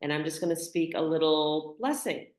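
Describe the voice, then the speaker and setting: A woman's voice: deep voice, normal speed, a little mellow. Earnest woman host in an echoey room. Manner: earnest, affirming, meditative. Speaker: podcast host. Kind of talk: spiritual podcast conversation.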